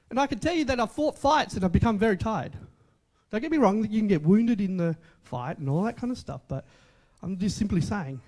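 Guy preaching, chatty, repeats stuff, asks the crowd questions, high voice that jumps around. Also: animated, brisk, darkish tone. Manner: conversational, repeats phrases for emphasis. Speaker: pastor. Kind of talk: sermon.

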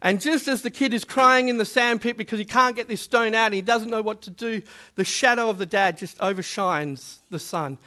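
Male pastor, very high voice, bright and forceful, emphatic, repeats key words. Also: normal speed. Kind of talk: sermon with opening prayer.

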